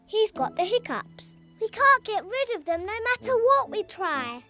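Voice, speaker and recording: A tiny upbeat bunny girl in a kids cartoon, very high voice, slow and sing-song, loud music underneath. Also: very animated, full character voice. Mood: cheerful. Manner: bright, eager and helpful. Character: Miffy, small cheerful girl bunny. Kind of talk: children's cartoon voice acting.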